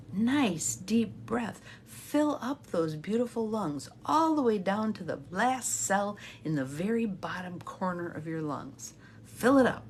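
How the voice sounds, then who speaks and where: A middle-aged woman coach leading a guided imagery meditation in a soft, half-whispered, breathy voice. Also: medium pitch, expressive, a little slow, few pauses, a little hiss or hum. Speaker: intuitive guidance coach.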